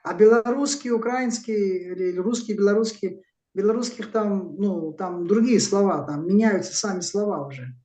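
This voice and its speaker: A man's voice: high voice, normal speed, a little mellow. A man whose first language is Russian, chatting on a call and asking questions with many fillers. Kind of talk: casual chat. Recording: echoey, from far off the mic.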